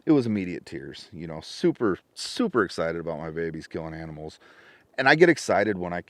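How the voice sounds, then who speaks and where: A middle-aged man telling a story in casual podcast conversation, lively and acting out his phone calls with friends and family. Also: low voice, fairly quick, no room sound. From Washington State. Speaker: podcast guest.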